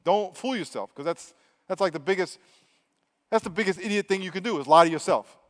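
A man with a high voice preaches a sermon, chatting with his listeners and then pressing his points hard. He acts out little quoted exchanges along the way. His voice rings with the long reverb of a large hall. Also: lively intonation, fairly quick. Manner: conversational, emphatic preaching with acted-out quotes. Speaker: pastor.

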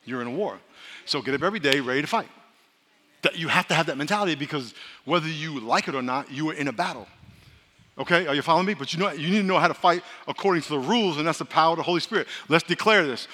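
A man's voice: fairly high pitch, fast talker, bright, forceful tone. A man preaching a sermon as pastor, joking with the congregation and leading call-and-response declarations. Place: large church hall. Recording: long church-hall reverb.

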